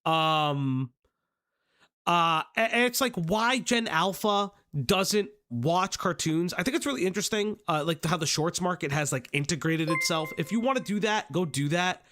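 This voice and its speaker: A man's voice: high voice, expressive, moderate pace, fairly bright tone, soft background music. A young man hosting a commentary livestream, rambling and swearing casually with lots of fillers. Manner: rambling, profane, many fillers and restarts.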